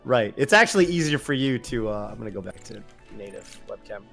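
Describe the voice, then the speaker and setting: A man's voice: fairly low pitch, expressive, brisk, creaky, fairly bright tone. A man co-hosting a casual gaming stream, chatty and thinking aloud, laughing often. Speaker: co-host. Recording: faint music underneath.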